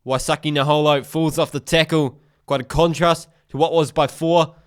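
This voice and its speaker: A man as a co-commentator, trading quick, joking banter in casual rugby commentary. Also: on the high side, steady tone, smooth.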